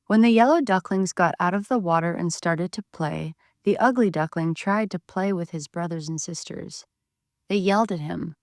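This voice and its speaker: A woman reading a bedtime story aloud in a gentle, expressive way. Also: lowish voice, normal speed, no echo.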